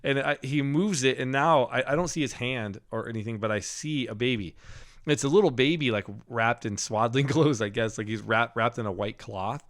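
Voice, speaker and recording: A middle-aged man telling a personal story in loose, conversational podcast talk. His voice sits at an ordinary middle pitch, and he laughs often and breaks off into halting restarts as he goes. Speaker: podcast co-host. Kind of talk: casual storytelling.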